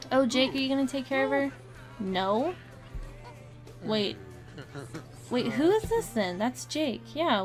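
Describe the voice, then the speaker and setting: A young woman giving a chatty, giggly commentary on a life-simulation game, often talking to her characters. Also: on the high side. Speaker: gameplay commentator. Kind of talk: casual let's-play commentary. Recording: faint game music behind.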